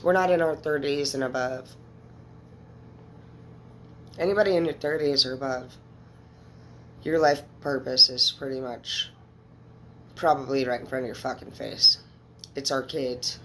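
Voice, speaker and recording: A woman's voice: rumbling low, fairly even intonation, normal speed, pauses often, a bit bright, a little hiss or hum, low-quality recording. A woman in her thirties speaking candidly and emotionally to her viewers as a tarot reader, swearing freely. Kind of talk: casual monologue to viewers.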